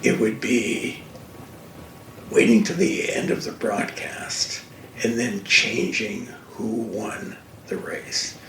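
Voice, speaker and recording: A man's voice: lowish voice, slow. An older man, a guest and racing TV commentator, telling stories emphatically in a casual fireside conversation, recorded from a distance in an echoey room. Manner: animated, emphatic storytelling. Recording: echoey room, distant mic, faint hiss.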